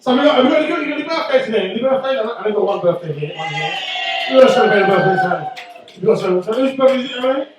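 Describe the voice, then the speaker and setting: A middle-aged man doing stand-up comedy, loud and swearing as he teases the crowd. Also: very high-pitched, animated, racing, far from the mic. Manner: loud, swearing, teasing banter. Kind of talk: stand-up comedy with audience banter. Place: indoor comedy venue. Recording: echoey room, voice from afar, faint noise.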